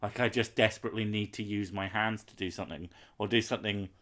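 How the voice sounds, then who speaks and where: A man with a lowish voice talks in a loose, rambling live-stream chat. He swears freely and keeps making wry jokes about himself. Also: fairly even intonation, fast, a bit bright. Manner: rambling, sweary, self-mocking humour. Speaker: game streamer.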